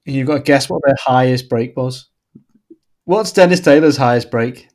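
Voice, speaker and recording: A man's voice: mid-range voice, normal speed, darkish tone. A man in casual chat, joking around and quizzing his friend.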